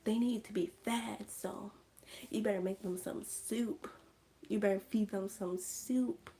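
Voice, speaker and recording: A woman voicing a creepy, menacing older aunt in a hushed, threatening whisper. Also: mid-range voice, steady tone, unhurried, close to an everyday voice. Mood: commanding.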